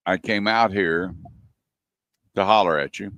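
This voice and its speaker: Deep-voiced man telling a story. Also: a little slow, dry recording, highs cut off. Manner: animated storyteller, acts out quotes. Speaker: radio show co-host. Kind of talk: casual radio chat and storytelling.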